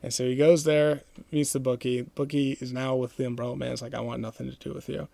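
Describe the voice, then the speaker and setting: Guy podcast host rambling thru a comic plot, gravelly, dry close mic. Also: medium pitch, little pitch movement, fast talker, mellow, dry recording. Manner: rambling retelling full of "like" fillers. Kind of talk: casual plot recap.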